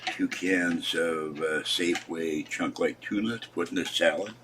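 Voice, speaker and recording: A man's voice: low-pitched, fairly even intonation, unhurried, noisy background. A man in his seventies, tired and upset, rambling through a casual vlog and complaining as he trails off. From Pittsburgh. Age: 70s. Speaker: vlogger.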